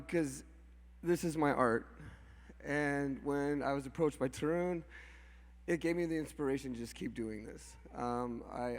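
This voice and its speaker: A mushroom farmer from Canada giving an emotional, off-the-cuff speech to a crowd, rambling and restarting his sentences with small laughs. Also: mid-range voice. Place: large hall. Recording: long hall reverb.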